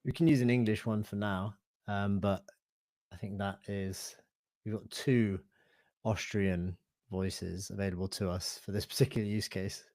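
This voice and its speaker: A man presenting a live online software demo, thinking aloud in a relaxed, hesitant way with fillers and self-corrections. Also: lowish voice, unhurried, no room sound. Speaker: webinar presenter.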